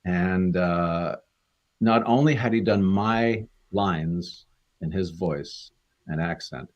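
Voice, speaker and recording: A man's voice: deep voice, slow, dull audio. A Canadian man in his sixties, an actor guest, telling rambling stories in a casual interview and acting out voices. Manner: rambling anecdotes, acts out quoted voices.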